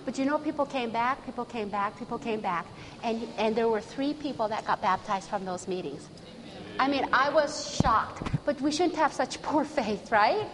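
A woman training church members, telling stories with lively earnest enthusiasm. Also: a little high, in a large hall, slight background noise, low-quality recording. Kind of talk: storytelling talk to an audience.

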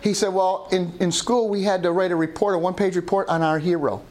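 A man's voice: high-pitched, fairly even intonation, fast, a little mellow. A middle-aged man preaching a sermon as pastor, often calling out "Amen?" to the congregation. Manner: call-and-response preaching, asking "Amen?".

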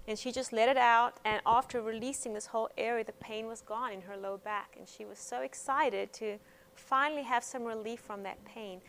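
Gentle, chatty woman teaching pain relief. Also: fairly high pitch. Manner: gentle, conversational, frequent um fillers. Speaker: hands-on pain management instructor. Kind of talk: instructional talk with personal stories.

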